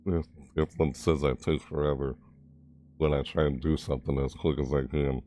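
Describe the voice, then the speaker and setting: A man's voice: rumbling low, fairly even intonation, moderate pace, mellow, a little hiss or hum. A man chatting casually on a live stream, rambling, reading chat messages aloud and chuckling.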